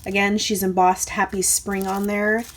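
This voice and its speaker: A woman's voice: mid-range voice, little pitch movement, normal speed. Gushing chatty woman unboxing crafts. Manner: gushing, chatty, lots of fillers. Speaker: craft channel host. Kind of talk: casual unboxing chat. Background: crinkling paper and clicks from handling mail.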